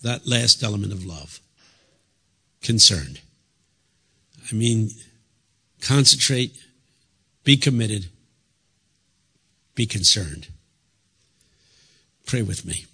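A male preacher delivers a sermon in a church with real passion. His voice is bright and forward, with a husky edge. He drops to near hushes and then rises to loud, urgent appeals. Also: fairly low pitch, lively intonation, slow pace, pauses often. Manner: impassioned, swings from hushed to loud.

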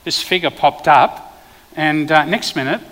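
An Australian man, a preacher and former police officer, telling a vivid testimony in a sermon with sudden loud bursts. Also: a little high, a little slow, long reverb tail.

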